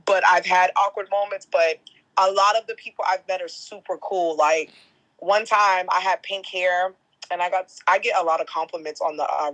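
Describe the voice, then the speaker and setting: A woman in her thirties, a guest on a podcast, telling stories in a lively, casual way and swearing now and then. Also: mid-range voice, rough recording. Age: 30s. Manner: animated storyteller, swears casually. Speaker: guest, entertainment host.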